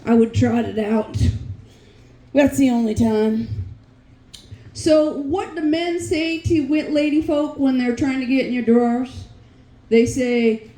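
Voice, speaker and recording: Brash loud woman comic, 40s, high pitched, echoey club room. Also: fairly even intonation, takes it slowly, long pauses. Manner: brash, bawdy, loud bursts of shouting and laughing. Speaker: stand-up comedian. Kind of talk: stand-up comedy set. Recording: roomy echo.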